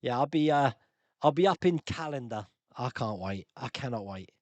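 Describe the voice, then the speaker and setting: A man's voice: mid-range voice, expressive, normal speed, a little mellow, no echo. A man hosting a casual live-stream Q&A, chatting and laughing as he answers viewer comments.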